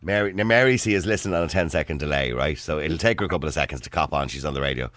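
A man's voice: extremely low pitch, racing, a bit bright, no room sound. An Irish man hosting a phone-in radio show, teasing and bantering with a caller. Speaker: radio talk show host.

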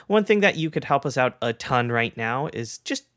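A man's voice: medium pitch, expressive, normal speed, fairly bright tone, no echo, studio quality. A man co-hosting a podcast, telling stories in a loose, laughing way with many fillers. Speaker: podcast co-host. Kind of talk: casual chat.

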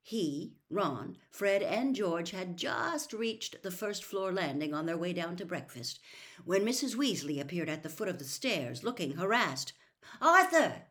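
A woman reading a novel aloud as a storyteller in an expressive, lively way. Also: lowish voice, a little slow. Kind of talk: audiobook reading.

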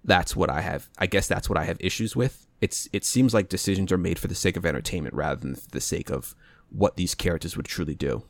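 A man's voice: sits low, fast, gravelly, no room sound. A man casually talking over a TV show's plot as a podcast co-host, rambling and restarting as he mulls theories aloud. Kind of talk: casual TV recap chat.

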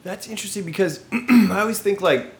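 A man hosting a podcast in a playful, animated, profane casual chat. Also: sits high, fairly quick, vocal fry, reverberant. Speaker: podcast host.

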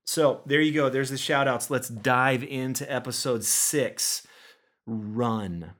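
A man's voice: medium pitch, slow, fairly bright tone. A middle-aged man, hosting his own devotional podcast in an earnest, encouraging way with loose fillers. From United States. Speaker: podcast host. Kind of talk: casual spoken devotional podcast.

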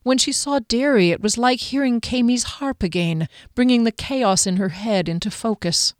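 A woman narrating a fantasy story in a measured, expressive reading. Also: on the high side, no room sound, studio quality. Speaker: audiobook narrator.

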